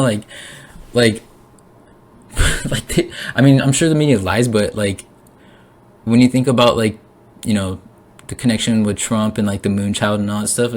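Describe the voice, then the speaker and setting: A young man talking through his theories in an excited, rambling monologue, full of restarts, swearing and sudden rises in his voice. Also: mid-range voice. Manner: emotional, voice jumps up. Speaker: conspiracy vlogger.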